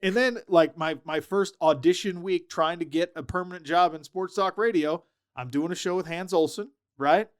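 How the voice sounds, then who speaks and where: A man telling lively stories as a podcast guest, acting out the people he quotes. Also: high voice, moderate pace, clean tone. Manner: animated storyteller, acts out quoted voices. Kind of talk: casual storytelling chat.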